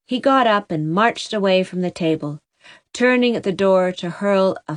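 A woman narrating a storybook chapter in a steady, expressive reading. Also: mid-range voice, normal speed, no echo. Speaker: audiobook narrator.

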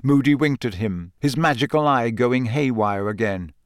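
A man narrating an audiobook in a measured storytelling manner. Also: mid-range voice, clear, resonant tone, no room sound, clean studio sound. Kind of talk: scripted narration.

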